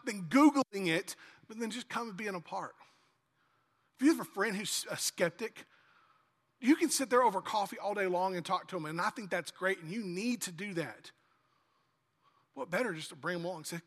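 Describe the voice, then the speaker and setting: High bright-voiced man preaching. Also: moderate pace, long reverb tail. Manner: animated, acts out dialogue in lively asides. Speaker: pastor. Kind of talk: sermon.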